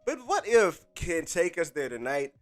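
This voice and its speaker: A man's voice: on the high side, very animated, normal speed, soft background music. A man hosting a live stream in casual chat, hyped and talking straight to his viewers through a desk microphone. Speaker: streamer host.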